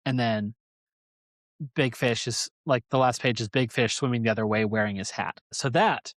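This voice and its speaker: A man's voice: mid-range voice, moderate pace, no echo. A man hosting a podcast, telling a story casually in a rambling, joking way. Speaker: podcast host. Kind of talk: casual chat.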